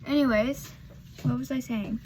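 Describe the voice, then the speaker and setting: A woman's voice: sits high, steady tone, normal speed, noisy background. A woman vlogger telling a casual storytime while doing her makeup, rambling and losing her thread with lots of fillers.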